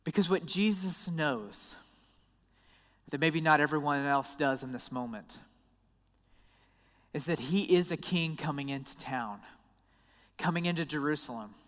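Male pastor, sermon, fairly high voice, drops quiet and low for quotes, long reverb. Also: measured pace, pauses often. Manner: dramatic drops to a soft, low voice for quoted words.

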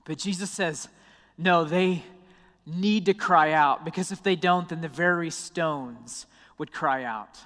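A man preaching a sermon. He often drops into a soft, low voice when he quotes someone. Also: slow, long reverb tail. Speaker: pastor.

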